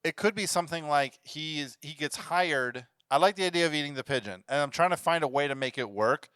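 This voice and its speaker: A man with an Upper Midwest accent, co-hosting an improvised storytelling podcast, eagerly thinking aloud and pitching plot ideas. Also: lively intonation, a little fast, bright, forceful tone, clear, resonant tone, dry recording, clean studio sound. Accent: Upper Midwest American. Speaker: podcast co-host.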